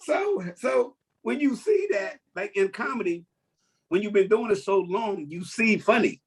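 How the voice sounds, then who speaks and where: A man, a comedian, chatting casually on a podcast and telling jokes as an animated storyteller who laughs at his own lines. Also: high-pitched, measured pace, creaky, breathy edge. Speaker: comedian guest.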